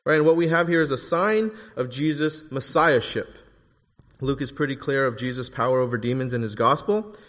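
A man preaching a sermon in a church, emphatic, rising to forceful bursts on key phrases. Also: medium pitch, moderate pace, in a large hall.

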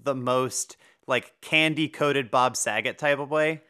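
A woman's voice: extremely low pitch, a little slow, fairly bright tone, clean tone. A woman co-hosting a casual film podcast, throwing in dry, wry quips. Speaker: podcast co-host.

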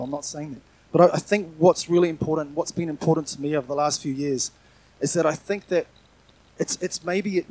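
A man's voice: on the high side, darkish tone, slightly rough, rough recording. A middle-aged man preaching a sermon in a conversational, earnest way, often restarting his sentences and adding asides.

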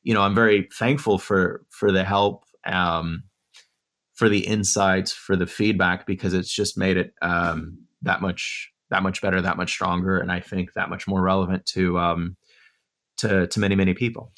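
Low-ish guy talking thru his ideas point by point, earnest and thoughtful, interview chat. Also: little pitch movement, moderate pace, fairly bright tone. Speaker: author and educator guest. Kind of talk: conversational interview. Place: Durham area.

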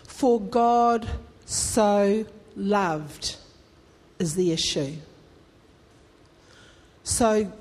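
A woman's voice: on the high side, darkish tone. A woman pastor, preaching a conversational, emphatic sermon that rises into fervent appeals to the congregation. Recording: long hall reverb.

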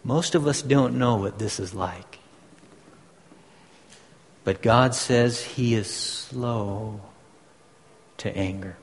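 A man preaching a sermon, teaching slowly and deliberately with emphatic pauses. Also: on the low side. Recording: long hall reverb.

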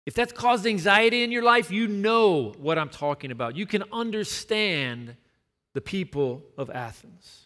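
Bright-voiced man preaching a sermon. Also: sits high, animated, measured pace. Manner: conversational storytelling with emphatic repetition. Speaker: pastor.

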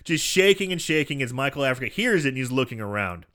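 Man, casual chat, profane, animated, bright voice, lively pitch. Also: fast, smooth. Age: young adult or middle-aged, a parent. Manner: animated, profane, acts out quoted lines in exaggerated voices. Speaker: podcast co-host recapping a movie.

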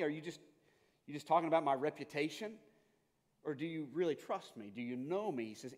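A man preaching a sermon, telling stories and moving between quiet, hushed passages and loud, urgent ones. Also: a little high. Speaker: pastor. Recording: long hall reverb.

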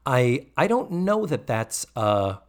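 A man's voice: mid-range voice, big pitch swings, takes it slowly. A man hosting a podcast, chatting casually about a TV episode, laughing often and acting out quotes. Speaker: podcast host. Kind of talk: casual chat recapping a TV episode.

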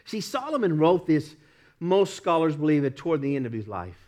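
Lively, animated male pastor preaching. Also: on the high side, a little fast. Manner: animated storytelling, acts out quoted voices, laughs often. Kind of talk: sermon.

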